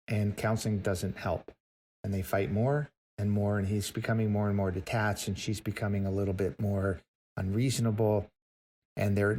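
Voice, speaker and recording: Middle-aged man, low voice, earnest storyteller who slows down to stress key moments. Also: darkish tone. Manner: earnest, slows for emphasis, repeats words. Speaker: guest, author. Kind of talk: emotional storytelling in conversation.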